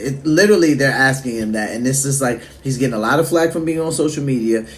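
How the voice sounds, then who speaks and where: A man's voice: medium pitch, a little fast. Laid-back man explaining to viewers. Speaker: reaction stream host. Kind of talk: casual explanatory commentary.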